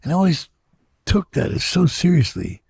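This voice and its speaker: Very animated at a moderate pace, an older Chicagoan tells candid stories from his past during an interview, cursing and performing the voices of people he quotes. His dark, mellow, deeply gravelly and husky voice is reflective, recorded dry and close with no room around it.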